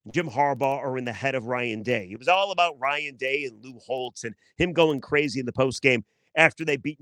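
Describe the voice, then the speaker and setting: A man's voice: medium pitch, a bit bright, no room sound. A man hosting a sports podcast, giving opinionated, teasing talk full of rhetorical questions.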